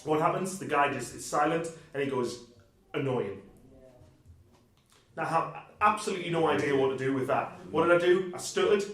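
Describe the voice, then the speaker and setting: A man's voice: fairly high pitch, a bit bright. Chatty man host in an echoey room. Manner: chatty, quick to laugh, stumbles and restarts. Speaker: podcast host. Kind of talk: casual chat.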